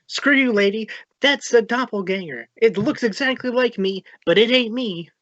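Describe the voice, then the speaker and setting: A panicky halfling who stammers and trips over his own words, squeaking high and loud, as a man puts him on. The sound is dry and slightly lo-fi. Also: unhurried, dry recording, exaggerated voice. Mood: defiant.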